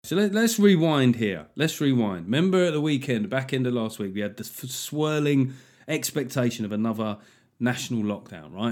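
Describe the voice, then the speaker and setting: A man's voice: mid-range voice, animated, moderate pace, a little mellow. A man in his forties hosting a comedy podcast, riffing casually with lots of swearing and self-mockery. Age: 40s.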